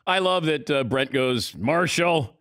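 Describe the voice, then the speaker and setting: A man's voice: fairly high pitch, lively intonation, unhurried, a bit bright. A man hosting a casual sports talk show, asking questions and laughing easily.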